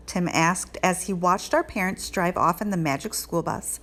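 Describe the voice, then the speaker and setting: Expressive woman reading a children's book aloud. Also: lowish voice, moderate pace. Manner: expressive, lilting storytelling. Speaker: read-aloud host. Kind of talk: children's storybook read-aloud.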